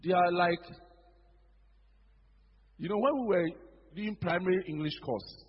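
A man's voice: high-pitched, measured pace, husky. A man with a Ghanaian accent preaching a sermon as pastor, acting out the voices of church members. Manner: animated preaching, mimics congregants, mixes local phrases. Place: church hall. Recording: dull echoey church hall recording.

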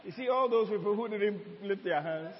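A man preaching to his congregation, his voice pitched high and bouncing off a long-echoing hall. He teaches, jokes and calls out to the room between points. The sound is muffled and dull. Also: normal speed, a little hiss or hum. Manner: preaching with call-and-response asides and laughter. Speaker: pastor. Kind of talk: sermon. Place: church hall.

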